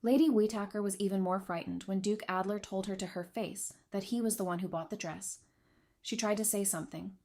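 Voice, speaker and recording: A woman giving scripted narration of a romance comic recap in an even, steady storytelling manner. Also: medium pitch, a little fast.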